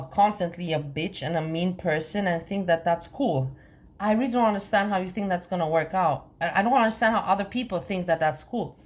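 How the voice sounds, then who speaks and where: A woman's voice: on the low side, darkish tone. A woman from Europe chatting casually as a vlogger, laughing often and repeating herself for emphasis. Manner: giggly, laughs often between remarks. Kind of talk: casual chat.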